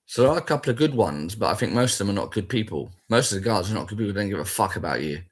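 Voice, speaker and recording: Brief: man, husky voice, blunt and foul-mouthed, rambling and repetitive. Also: on the low side, expressive, very fast. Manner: sweary, blunt and rambling, repeats himself. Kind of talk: casual spoken rant.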